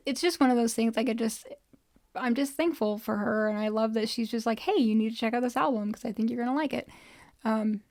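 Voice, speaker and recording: A woman co-hosting a casual podcast, talking in a hesitant way full of fillers. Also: a little high. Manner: warm, hesitant, many "um"s and "like"s. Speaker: podcast co-host. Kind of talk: casual chat. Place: home podcast setup in Alaska.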